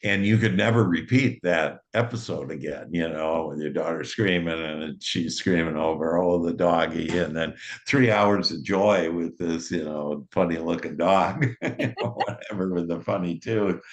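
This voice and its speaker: A middle-aged man with a notably low voice hosts a relaxed conversation. He rambles with plenty of fillers, "uh"s and self-corrections as he tells stories. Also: normal speed. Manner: rambling, with many fillers and restarts. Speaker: host. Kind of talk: casual conversation.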